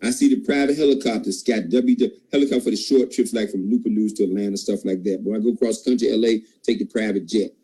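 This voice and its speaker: A man's voice: steady tone, fast, hardly any pauses, dark tone, slightly rough, low-quality recording. A man giving an emphatic, preachy motivational pep talk to his sales team. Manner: emphatic, preachy, jumps in pitch. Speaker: team leader at a sales call.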